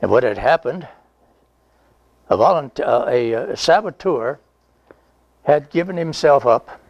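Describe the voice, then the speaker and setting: A man's voice: medium pitch, lively intonation, unhurried, vocal fry, no echo, dull audio. A man in his nineties, a veteran being interviewed, telling a rambling, folksy story with chuckles and reenacted dialogue. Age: 90s. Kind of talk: conversational oral history storytelling.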